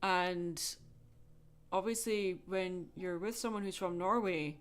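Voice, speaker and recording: A Scottish woman chatting frankly with soft laughs while drawing on a livestream. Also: lowish voice, slow, clear, resonant tone. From Scotland. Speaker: livestreaming artist.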